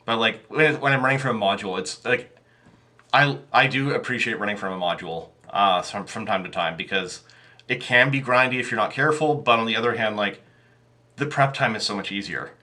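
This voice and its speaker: Talking briskly in a pushed, bright voice on the low side, a game master guesting on a podcast rambles about running tabletop games. The casual interview chat is full of fillers and false starts.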